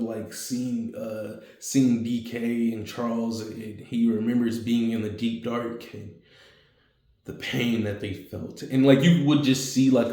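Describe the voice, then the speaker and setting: A man casually narrates a fan story, tripping over fillers and restarting his sentences. His voice sits at a middling pitch. The room around him rings with heavy echo. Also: darkish tone. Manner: rambling, filler-heavy, slips into quick character voices.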